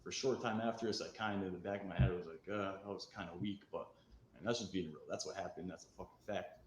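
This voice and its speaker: Low-voiced man telling a story, echoey. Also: fast. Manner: candid, rambling, self-mocking. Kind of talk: recorded storytelling video. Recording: echoey room with faint noise.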